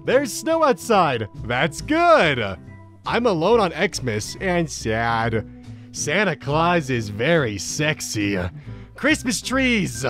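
A man's voice: mid-range voice, very animated, takes it slowly, fairly bright tone, soft background music. An American man hosting, reading funny posts aloud in a casual comedic way, often breaking into laughter.

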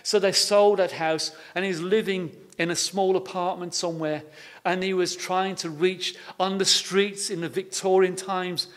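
A high-voiced man preaching a sermon in an easy storytelling manner. He often repeats his words as he goes. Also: steady tone, a little slow. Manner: homely, anecdotal, repeats words. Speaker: pastor.

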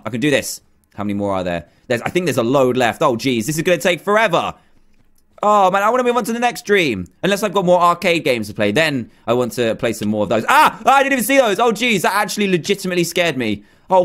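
A young man giving excitable let's play commentary, exclaiming and pleading with the game as he plays. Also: a little high. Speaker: gaming YouTuber. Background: faint game music.

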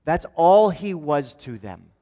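A man's voice: on the high side, very animated, slow pace, dark tone. Conversational male pastor in a reverberant church. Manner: conversational, often asks "right?"; acts out quoted speakers in changed voices. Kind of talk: sermon. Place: church sanctuary.

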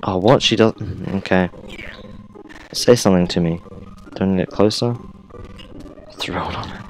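A man's voice: sits low, moderate pace, faint music behind, low-quality recording. A young man giving casual let's-play commentary, thinking aloud and reacting to the tutorial as he plays. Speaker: gamer.

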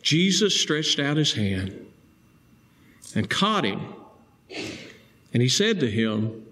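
A male preacher, delivering a sermon with emphatic rising stresses and slow, deliberate key phrases. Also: medium pitch, very animated, sharp tone.

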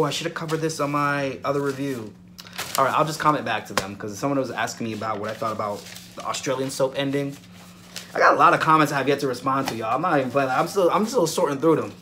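Animated man vlogging a soap review. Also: medium pitch, noisy background. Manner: animated, repeats himself, addresses viewers as guys. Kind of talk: casual vlog review.

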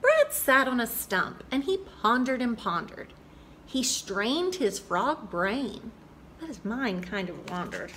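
A woman hosting a children's program and reading a rhyming picture book aloud with an expressive, rhythmic delivery. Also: a little high, takes it slowly, slight background noise. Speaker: children's storyteller host.

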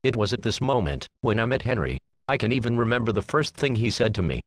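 A man narrating a comedic parody storybook in the first person, in a deadpan way full of crude jokes. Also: mid-range voice, fast talker, few pauses, no echo.

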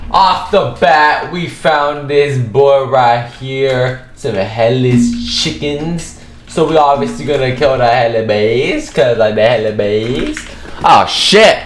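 A man's voice: medium pitch, animated, slow pace, reverberant, a little hiss or hum. Trash-talking male game streamer. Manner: profane, taunting trash talk. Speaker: gaming video host. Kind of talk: gameplay commentary.

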